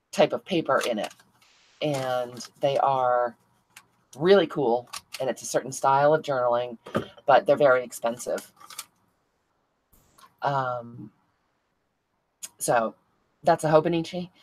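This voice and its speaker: Low-voiced lady doing a craft livestream, chatty, reads comments out to folks, bit of hiss. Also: darkish tone, low-quality recording. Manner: chatty, laughs often, answers viewers by name. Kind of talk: casual livestream chat reading viewer comments.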